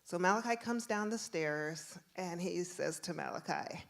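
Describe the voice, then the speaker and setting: A woman performing a true story on stage, animated and laughing as she acts out the voices. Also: fairly low pitch, measured pace, creaky, hardly any pauses. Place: stage at a live venue.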